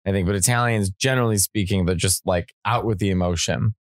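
A man with a fairly low voice talks animatedly as a podcast guest. He drops into comic put-on accents to act out stories. The close mic gives a dry, dead sound. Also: brisk, no room sound. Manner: animated, slips into exaggerated put-on accents for bits. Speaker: guest comedian. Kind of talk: casual podcast chat.

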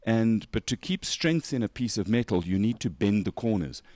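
A man's voice: fairly low pitch, expressive, moderate pace, a little mellow, no room sound. A man hosting a motorsport show, chatting casually and joking as he gushes over a race car's details. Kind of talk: casual walkaround chat.

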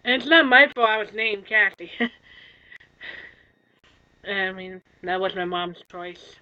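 A tired woman streamer in casual chat, soft-spoken and apologetic, yawning now and then. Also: medium pitch, slow pace, dull audio.

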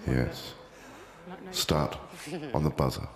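A man giving formal scripted announcements in a measured, commanding way, setting out instructions to contestants. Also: rumbling low, steady tone, very noisy. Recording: long reverb on the voice.

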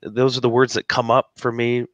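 Halting, reflective male host, near tears. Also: medium pitch, monotone, a bit bright, no room sound, muffled recording. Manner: halting, reflective, many fillers. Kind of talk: casual interview chat.

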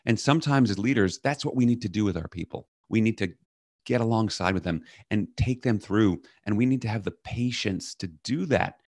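A middle-aged man, a leadership coach, telling a personal story as a podcast guest and loudly acting out the orders he quotes. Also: lowish voice, fairly quick, no echo, studio quality. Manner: animated, acts out quoted commands loudly.

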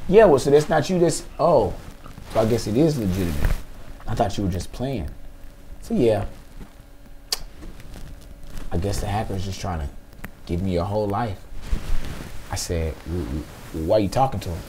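A man's voice: on the low side, lively intonation, moderate pace, long pauses, warm tone, slight background noise. A man hosting a podcast, telling a comic story and acting out both sides of a phone call. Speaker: podcast host. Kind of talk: comedic storytelling.

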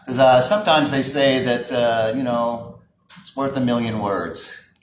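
A man leading a live public speaking workshop, very animated and moving from soft talk to shouting. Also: mid-range voice, a little slow, a little hiss or hum. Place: workshop room with an audience. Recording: roomy sound from a distance, faint ambience.

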